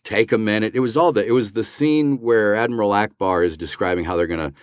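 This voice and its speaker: An older man with a fairly low voice tells a story as an interview guest. He acts out the lines he quotes. The recording is dry and close. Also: fast, clean tone, no room sound. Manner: animated, acts out quoted dialogue. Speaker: voice actor guest.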